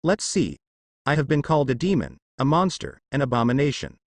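A man voicing a cocky young male ninja who calls himself a warlock, with a dark, taunting delivery. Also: medium pitch, sing-song, a little fast, no room sound. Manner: dark, taunting grins and boasts.

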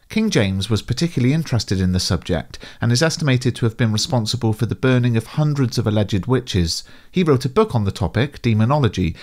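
A man who narrates a scripted literature lesson, explaining in a clear, measured way. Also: mid-range voice, a little mellow. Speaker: teacher.

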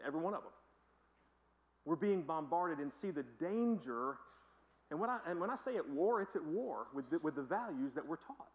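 Man, pastor, sermon, conversational and emphatic, high voice, dull lo-fi church recording. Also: lively intonation, moderate pace. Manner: conversational, emphatic storytelling preacher.

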